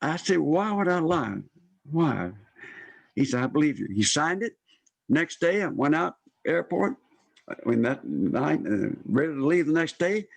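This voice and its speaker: Older man, husky voice, slightly high pitch, lively personal storytelling, voices quoted people, dry close sound. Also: measured pace, no echo. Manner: animated, acts out quoted voices. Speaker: guest storyteller.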